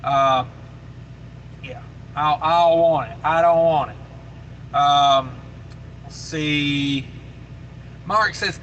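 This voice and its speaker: A man's voice: on the high side, slow, pauses often, pushed and bright, a little hiss or hum, rough recording. A man hosting a trucker livestream, chatting casually and reading viewer comments aloud. He talks in a laid-back, rambling way, with lots of fillers and repeated phrases.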